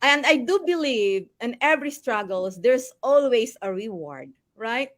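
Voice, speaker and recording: A woman interviewer speaking in a gentle, encouraging way. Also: a little high, expressive, a little slow. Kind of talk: supportive interview.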